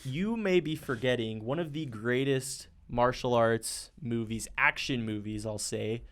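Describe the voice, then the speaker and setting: A man's voice: mid-range voice, measured pace. A man co-hosting a podcast, arguing his side in a casual debate, confident and teasing. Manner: confident, teasing, laughs often.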